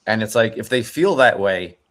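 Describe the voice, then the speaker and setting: A man's voice: on the low side, lively intonation, normal speed, a bit bright. A man in his thirties hosting a dads' podcast, rambling and reflective in casual chat. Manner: rambling, many fillers and restarts, reflective. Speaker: podcast host.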